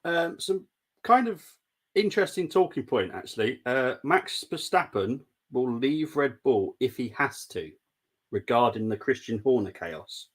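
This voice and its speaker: A man's voice: medium pitch, very animated, unhurried. A man hosting a live football watchalong, chatting casually with a guest, laughing often and trading teasing banter. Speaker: watchalong host.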